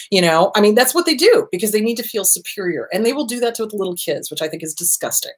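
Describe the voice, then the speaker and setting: A woman's voice: medium pitch, lively intonation, fast, hardly any pauses. A woman hosting a talk show, giving casual therapy advice and acting out inner voices and quotes.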